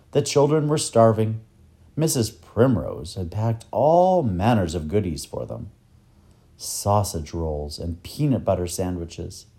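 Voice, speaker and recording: A man narrating a children's story in an expressive storytelling manner. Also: low-pitched.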